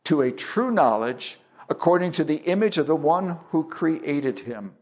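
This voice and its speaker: Slow, deliberate male preacher. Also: a little high, lively intonation. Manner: slow, deliberate preaching with homely illustrations and restarts. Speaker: pastor. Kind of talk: sermon.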